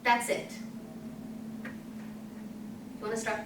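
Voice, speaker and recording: A woman's voice: a little high, expressive, a little slow, fairly bright tone. Emphatic woman speaker in an echoey hall. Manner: emphatic, asks the audience questions. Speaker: conference speaker. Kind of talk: motivational talk. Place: conference room. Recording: echoey hall, voice from a distance, faint hiss.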